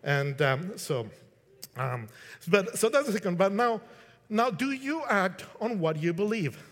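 A man's voice: high-pitched, lively intonation, measured pace, fairly bright tone. A middle-aged man from Colombia, giving a casual, conversational sermon and acting out quotes. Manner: conversational, restarts, acts out quotes. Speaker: preacher. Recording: long hall reverb.

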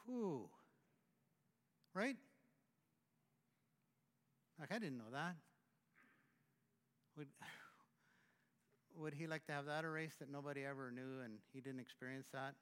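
A man preaching a sermon as the pastor, talking conversationally with halting restarts and swinging from loud to hushed. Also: mid-range voice, clean tone, long reverb tail.

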